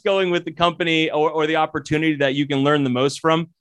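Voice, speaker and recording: A man's voice: a little high, fairly even intonation, fast talker, few pauses, clean tone. A man who works as a commercial real estate broker and mentor, giving sales advice in a rambling way with many restarts. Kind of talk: casual podcast advice.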